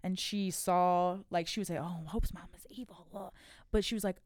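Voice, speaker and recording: This young adult woman, a podcast guest, tells personal stories candidly in casual chat, saying "like" a lot and laughing often. Her voice is lowish and darkish, with fairly even intonation and normal speed, captured as clean studio sound with no room noise.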